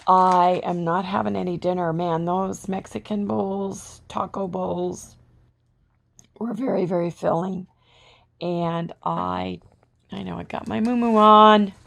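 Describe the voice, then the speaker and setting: A woman's voice: fairly low pitch, slow pace, gravelly, fairly bright tone. A woman vlogger who is losing her voice, chatting casually to her viewers about her day. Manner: chatty, keeps addressing viewers as folks. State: losing her voice, sore throat. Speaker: keto vlogger. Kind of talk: casual video diary.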